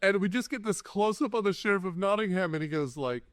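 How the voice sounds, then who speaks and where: A man co-hosting a movie podcast, recapping scenes in a rambling, joking, animated way. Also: high voice, quick pace. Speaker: podcast co-host. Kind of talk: casual movie-review chat.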